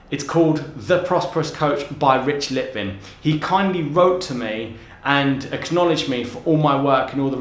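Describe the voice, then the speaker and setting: A man's voice: mid-range voice, reverberant. A man giving coaching advice straight to camera, talking with energy and emphasis, often repeating words as he goes. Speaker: transformational coach.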